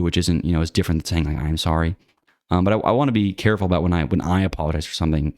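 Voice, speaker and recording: A man's voice: low voice, darkish tone, dry recording, clean studio sound. A man talking through his opinions in a rambling, blunt casual monologue, full of fillers and restarts. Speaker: channel host.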